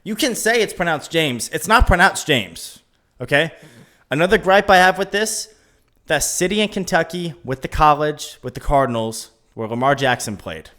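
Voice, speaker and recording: A man co-hosting a podcast, ranting in a casual chat. His voice sits a little high and swings widely, and he laughs often as he talks. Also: expressive, moderate pace, a bit bright. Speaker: podcast co-host.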